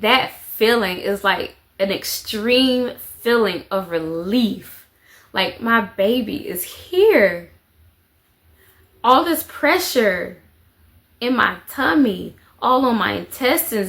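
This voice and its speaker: A woman's voice: medium pitch, a bit bright. A woman, telling a story to the camera in a chatty way and repeating phrases for emphasis. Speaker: vlogger, mother of four.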